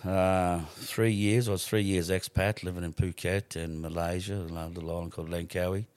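A man's voice: sits low, fairly even intonation, moderate pace, darkish tone, dry recording. A middle-aged Australian man telling stories on a podcast as a guest, swearing freely and rambling with restarts. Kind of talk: casual storytelling.

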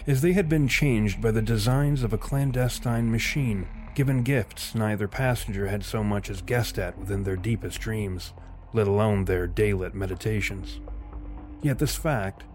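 A man narrating a scripted story in a measured, literary way. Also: lowish voice, a little mellow.

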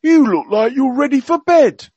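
A man voicing a blunt, tactless elderly royal gentleman, trying for a Cockney accent and firing off cheeky, rude one-liners. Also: extremely high pitch, lively intonation, moderate pace, slightly rough, no room sound, pitched above the performer's own voice, full character voice. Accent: attempted Cockney. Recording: dull, dry lo-fi sound.

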